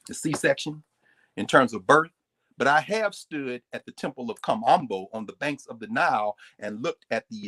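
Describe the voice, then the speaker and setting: A man giving a live, lecture-style talk as the guest on a recurring segment, animated and digressive, often breaking off his own sentences. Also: mid-range voice. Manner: animated, digressive, interrupts himself.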